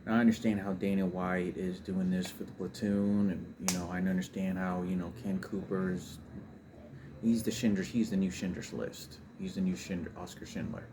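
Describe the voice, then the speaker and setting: A man's voice: sits low, fairly even intonation, moderate pace. A man telling a rambling, emotional personal story about his family, with many restarts and fillers. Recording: noisy background ambience.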